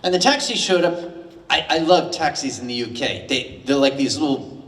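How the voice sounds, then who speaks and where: Animated older American man telling stories in a hall. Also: on the high side, moderate pace. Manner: animated, wry, profane humor. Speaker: storyteller at a live convention event. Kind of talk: live comedic storytelling. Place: large convention hall with audience. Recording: echoey hall from far off.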